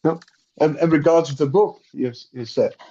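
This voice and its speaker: A man's voice: a little high, moderate pace, warm tone, slight background noise. A man co-hosting a casual live stream, chiming in with short, teasing remarks. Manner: brief, teasing interjections. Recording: dull lo-fi sound.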